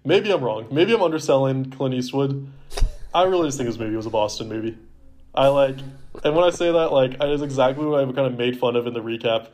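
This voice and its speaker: In quick, darkish tones at a medium pitch, this young podcast co-host from the Baltimore area, US, rambles through casual movie chat and leans heavily on "like." A little hiss or hum sits under the recording.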